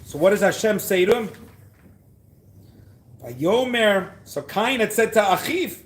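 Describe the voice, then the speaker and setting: A man teaching a Torah class at a yeshiva, asking the listeners questions, chanting Hebrew verses slowly and rising to shouts on key points. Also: high voice, animated, reverberant.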